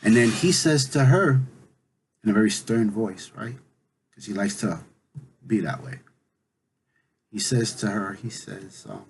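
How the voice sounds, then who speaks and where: A man with a lowish, creaky voice retells a legend aloud in a casual, conversational way, speaking a little slowly with long pauses. His storytelling is packed with "you know" fillers, and the poor audio carries a slight hiss or hum.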